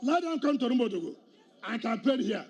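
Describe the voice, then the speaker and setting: A man's voice: very high-pitched, big pitch swings, fairly quick, darkish tone, highs cut off. A middle-aged man with a Nigerian accent giving a combative public political speech, firing rhetorical questions and challenges at a crowd at an outdoor event. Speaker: state governor.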